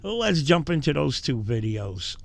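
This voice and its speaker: A man's voice: a little high, very animated, a little slow, vocal fry. A man hosting casual commentary, rambling and mocking with frequent fillers. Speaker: commentary host.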